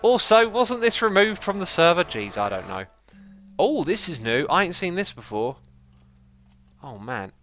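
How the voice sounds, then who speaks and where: Guy streaming a game, chatty and excitable, really expressive voice going up and down. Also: high-pitched, moderate pace, faint music behind. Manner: chatty and excitable, bursts of laughter. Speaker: livestreaming gamer. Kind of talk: casual gameplay commentary.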